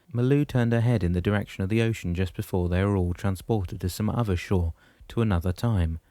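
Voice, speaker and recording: A man narrates an audiobook in a steady, measured way. His voice is deep and mellow, and the recording is dry and close with no room sound. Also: dry recording. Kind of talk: scripted narration.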